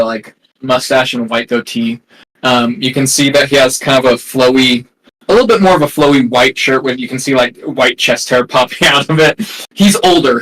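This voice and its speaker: A man running a tabletop game, talking through a character's look in loose, halting bits with plenty of fillers. His voice sits at a middling pitch for a man, neither high nor low. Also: fairly bright tone, rough recording. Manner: rambling, filler-heavy description. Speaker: game master.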